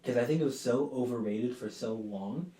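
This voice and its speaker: A young man hosting a podcast in casual chat, relaxed and filler-heavy. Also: mid-range voice, moderate pace. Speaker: podcast host. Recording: roomy and distant with faint noise.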